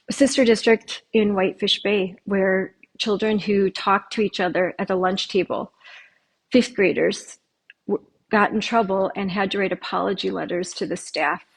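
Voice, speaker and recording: A woman running for school board makes an earnest, emotional personal appeal, often halting and restarting with fillers. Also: medium pitch, slightly rough, poor audio.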